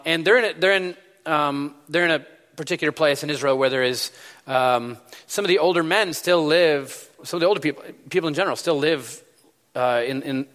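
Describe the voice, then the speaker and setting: A man's voice: medium pitch, a bit bright. A man preaching a sermon, telling a story in a loose, conversational way with many fillers. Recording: long hall reverb.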